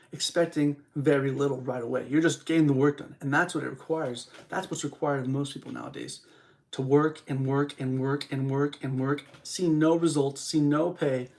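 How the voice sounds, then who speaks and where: A young man with a gravelly, higher-leaning voice hosts a podcast while live streaming on a studio microphone. He rambles through a casual motivational monologue, repeating phrases and chatting with viewers.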